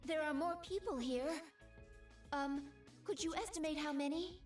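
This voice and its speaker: A woman's voice: high voice, moderate pace, soft background music, close to an everyday voice. A woman voicing a polite, earnest android who asks precise, formal questions. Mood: polite, puzzled. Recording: distant game audio.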